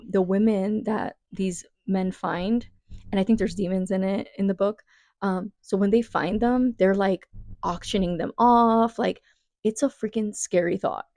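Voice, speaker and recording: A woman's voice: mid-range voice, mellow, no echo. A young adult woman chatting casually about books on her vlog, gushing and emotional, with plenty of fillers. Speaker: book vlogger. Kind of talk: casual chat.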